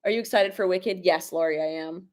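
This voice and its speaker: A woman's voice: on the low side, brisk, a little mellow. A young adult woman chatting casually on a live stream from her kitchen, reading viewer comments and laughing often, a little sniffly from a cold. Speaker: vlogger hosting a live stream. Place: home, at a laptop in the kitchen. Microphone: laptop or phone camera propped up.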